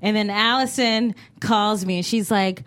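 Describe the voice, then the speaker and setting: A woman co-hosting a live comedy podcast, chatting in a playful, casual way and laughing loudly. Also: medium pitch, fairly even intonation, a little slow. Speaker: comedy podcast co-host and writer. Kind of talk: casual comic chat before a live audience.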